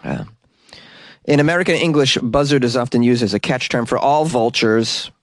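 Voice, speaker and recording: A man's voice: medium pitch, moderate pace, dry recording, studio quality. A man hosting a comedic news segment, reading stories and riffing sarcastically with asides.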